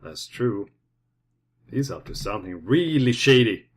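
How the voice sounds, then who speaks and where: A man's voice: lowish voice, big pitch swings, unhurried, slightly rough. A man doing wry, amused commentary on a game and reading its text aloud. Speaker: let's play commentator.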